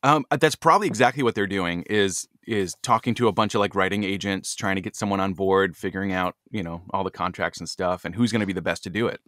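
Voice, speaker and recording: A man hosting a casual podcast, stuffed up with a cold, chatty and quick to laugh as he hunts for words. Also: deep voice, a bit bright, dry recording, studio quality. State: stuffed up, congested. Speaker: podcast host.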